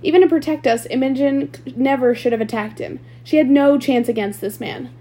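A woman's voice: high voice, a little fast, dark tone, slightly rough. A woman reading a novel aloud chapter by chapter, with small slips and restarts. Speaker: audiobook reader.

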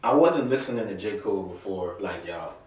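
A man's voice: sits low, animated, brisk, darkish tone, distant mic. A young man chatting casually with friends in a sheepish, laughing, slangy way. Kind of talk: casual chat among friends. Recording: echoey room, off-mic.

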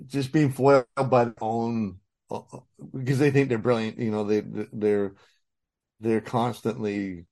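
A man's voice: mid-range voice, steady tone, a little slow, darkish tone. A man, a voice actor being interviewed, talks in a rambling, casual way with many restarts and frequent laughter. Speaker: voice actor guest.

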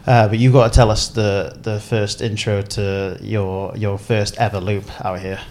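A man hosting a casual podcast chat, relaxed and asking his guest friendly questions. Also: fairly low pitch, unhurried. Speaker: podcast host, caddy.

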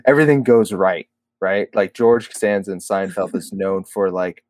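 A man's voice: low voice, normal speed, a little mellow, no room sound. A man co-hosting a podcast in casual chat, rambling with lots of "like" and "you know.". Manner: rambling, filler-heavy, full of "like" and "you know". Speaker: podcast co-host.

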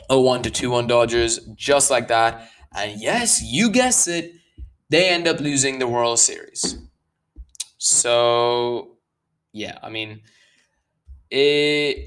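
A man's voice: mid-range voice, fairly bright tone, clean tone. A man giving casual sports commentary as a baseball analyst, getting worked up as he stresses numbers and restarts his sentences. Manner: restarts sentences, fast and slow bursts.

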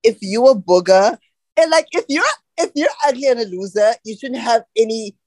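A man's voice: very high-pitched, normal speed, a little mellow, no echo, clean studio sound. A man co-hosting a podcast, snarky and joking in casual chat. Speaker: podcast co-host.

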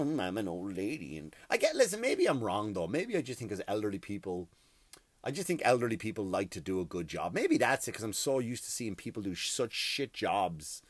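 A middle-aged host ranting about everyday hassles in an exasperated, profane, emphatic way. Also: male voice, mid-range voice, fairly bright tone, no room sound. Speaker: podcast host. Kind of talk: comedic rant.

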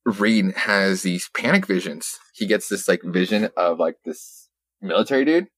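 Young man, very low voice, dry close sound, casual rambling comic recap, swears, laughs a lot. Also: animated, moderate pace, fairly bright tone, dry recording. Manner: rambling, profane, laughs often, quotes characters in passing. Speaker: podcast co-host.

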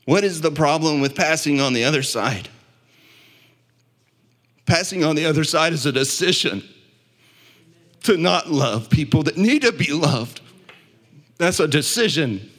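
A man preaching a sermon as pastor, building to impassioned peaks and dropping to quiet, low stretches. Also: expressive, unhurried, pauses often. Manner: impassioned preaching, swelling louder and higher at peaks.

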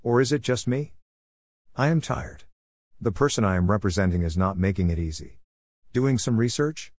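Male narrator, low voice, reflective and wry, first-person story reading, dry close sound. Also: animated, fairly quick, no room sound.

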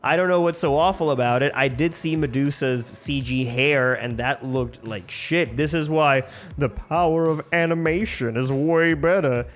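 A man hosting his own show, rambling excitedly and swearing freely through a casual movie review. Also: on the high side, normal speed. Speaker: host.

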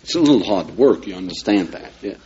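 A man's voice: low voice, lively intonation, a little fast, darkish tone, breathy edge, highs cut off. A man, a rabbi, lecturing an audience with emphasis and frequent rhetorical questions. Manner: emphatic, peppers talk with rhetorical questions to listeners.

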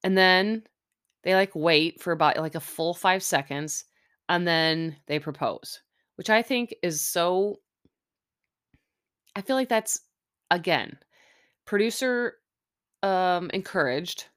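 Middle-aged woman podcast host, low-ish voice, casual sarcastic recap style, close mic. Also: takes it slowly, pauses often, a bit bright, clear, resonant tone. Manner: chatty, sarcastic, lots of fillers and asides. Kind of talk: casual chat. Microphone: close mic, chewing audible.

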